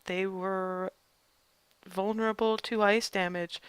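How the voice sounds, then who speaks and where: A game master narrating a tabletop game, quick on rules and vivid when describing combat. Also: medium pitch, little pitch movement, clean tone, no room sound.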